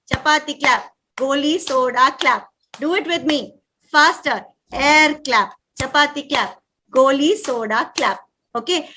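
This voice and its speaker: Indian woman, 30s, workshop leader; high, sharp voice, calls clap drills to the room. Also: a little hiss or hum. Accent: Indian English. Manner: lively, calls out commands in rapid drills. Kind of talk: live parent workshop, leading clapping games. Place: room with a live audience.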